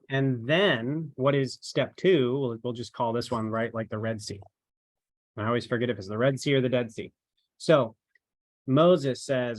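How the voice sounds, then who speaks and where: A man's voice: medium pitch, moderate pace, dry recording. A man as a trainer, giving an informal, rambling talk to his team and tossing in rhetorical questions. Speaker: ministry marketing trainer.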